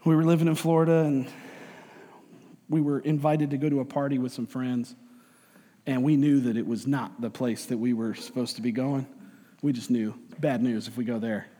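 A man's voice: medium pitch, steady tone, moderate pace, dark tone, big-room sound. A man preaching a sermon as a pastor, conversational and joking, acting out voices to make his points.

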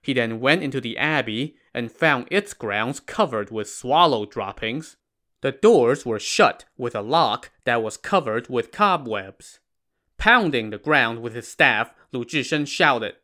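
A man narrating a retelling of a classic novel in a measured way, with wry asides. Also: medium pitch, animated, bright, forceful tone. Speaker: storyteller.

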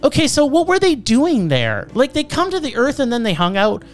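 Animated ranting movie reviewer, swears a lot, talks over people, faint music behind. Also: high voice, normal speed. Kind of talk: casual movie review chat.

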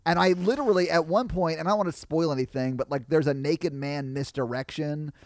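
A young man with a slightly high voice tells animated, laughing stories in a casual chat. The sound is close and dry, with no room around it. He jumps into loud bursts at his punchlines. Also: a little fast, no echo. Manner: animated storyteller, laughs often, yells in punchlines. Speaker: podcast host, guest.

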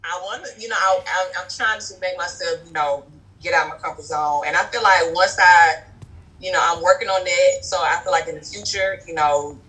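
Woman, low voice, casual podcast guest, chatty, lots of fillers. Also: fairly quick, sharp tone, rough recording. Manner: chatty, many fillers, laughs while talking. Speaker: podcast guest, clothing brand owner.

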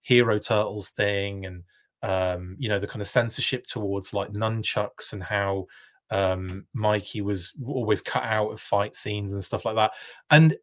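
A British man hosts a live stream, telling a long, rambling anecdote that keeps veering off on tangents. His voice is fairly low and his delivery unhurried, the feel of a casual stream chat.

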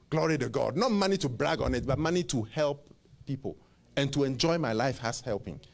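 A male preacher delivering a sermon, with call-and-response lines, stammered repeats and sudden loud rises. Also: on the high side.

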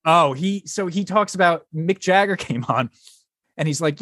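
A man hosting a casual podcast chat, telling stories in an animated way and swearing casually. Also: high voice, moderate pace, no echo. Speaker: podcast host.

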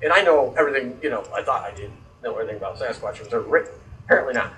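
A man's voice: mid-range voice, very fast, far from the mic, slight background noise, low-quality recording. A man telling a long story in casual podcast chat, swearing freely and acting out the voices of the people in it. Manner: animated storyteller, swears, acts out quoted voices.

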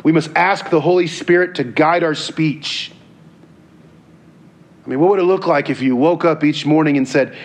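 A man's voice: fairly high pitch, moderate pace, pauses often. A man preaching a sermon in an earnest, conversational way, sometimes repeating words as he goes.

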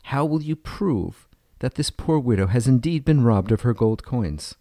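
A man voicing a merciful king who speaks in a measured, regal way. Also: mid-range voice, lively intonation, mellow, dry recording, studio quality. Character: merciful male king, commanding.

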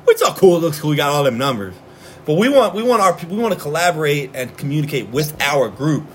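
A man's voice: a little high, big pitch swings, quick pace, slight background noise. A man co-hosting a casual sports podcast, loose and laughing, swearing freely. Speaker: podcast co-host.

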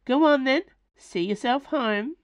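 A woman's voice: low voice, fairly even intonation, unhurried, vocal fry, dry recording. A woman voicing a bitter, furious working-class woman who is scornful and hostile in a storybook reading. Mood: angry, scornful.

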